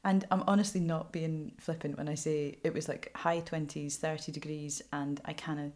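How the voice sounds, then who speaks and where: A Scottish woman journalist talking frankly in an interview, animated and laughing often. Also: low voice, normal speed. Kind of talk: candid interview storytelling.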